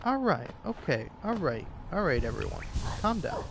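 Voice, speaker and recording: A man's voice: on the high side, huge pitch swings, moderate pace, vocal fry, heavy background noise. A man giving casual gameplay commentary, rambling with lots of fillers and laughing often. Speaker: gaming video creator.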